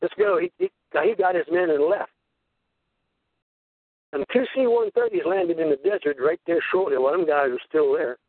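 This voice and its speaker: A man's voice: fairly high pitch, normal speed, no room sound. Older man telling stories on tinny talk radio. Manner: rambling storyteller, acts out voices in quotes. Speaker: radio show host. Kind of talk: conspiracy talk radio monologue. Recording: tinny phone-line radio sound.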